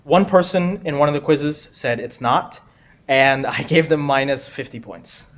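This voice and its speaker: A man's voice: a little high, unhurried. Joking man hosting a live quiz. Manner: joking, chatty, repeats himself. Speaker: quiz host. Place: conference room with audience.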